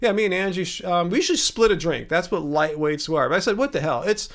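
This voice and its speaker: A man's voice: high-pitched, brisk. A man in his thirties hosting a casual livestream, rambling and joking with many fillers and restarts. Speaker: livestream host answering viewer questions.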